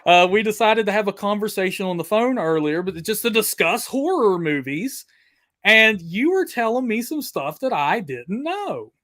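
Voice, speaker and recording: A man hosting a livestream chat, excitable and hyping up his guest and viewers. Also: high-pitched, normal speed. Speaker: host.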